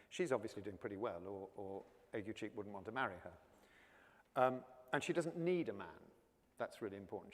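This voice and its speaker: Chatty man with a polished English accent, in a reverberant hall. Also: fairly low pitch. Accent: near-RP English. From South London. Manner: chatty, anecdotal, repeats words when restarting. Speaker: actor, interview guest. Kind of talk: onstage conversation before an audience. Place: college lecture hall.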